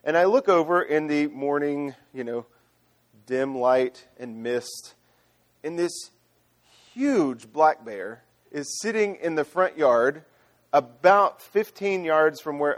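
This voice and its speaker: A man's voice: fairly high pitch, lively intonation, takes it slowly. A man, a pastor and father, preaching a sermon in a chatty, conversational way, full of "you know" and restarts. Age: adult father. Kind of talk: sermon with storytelling.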